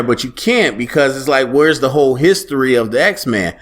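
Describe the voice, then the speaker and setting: A man's voice: medium pitch, normal speed. A man giving a casual solo review of a TV episode, talking loosely and animatedly and quoting lines as he goes. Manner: conversational, animated, quotes dialogue in a loose relaxed tone. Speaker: TV show reviewer.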